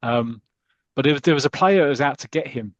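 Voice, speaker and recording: A man's voice: medium pitch, expressive, brisk, dry recording. Brief: British male podcast host, casual and chatty, stumbles and repeats, dry muffled lo-fi sound. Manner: chatty, repeating words, laughing easily. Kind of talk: casual chat.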